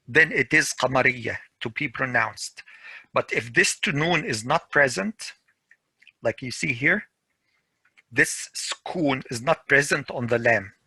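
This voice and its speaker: A man teaching a weekend school class, drilling word pronunciation slowly and repeating each word to his students. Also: mid-range voice, sharp tone, husky, no echo, low-quality recording. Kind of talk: classroom grammar lesson.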